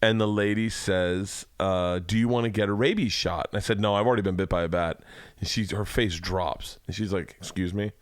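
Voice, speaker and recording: A man with a fairly low voice tells a story on his podcast in an easy, profane manner. He acts out the people he quotes. The sound is close and dry with no room around it. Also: steady tone, fairly quick, clear, resonant tone, no echo. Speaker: podcast host. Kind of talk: casual storytelling chat. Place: home studio room.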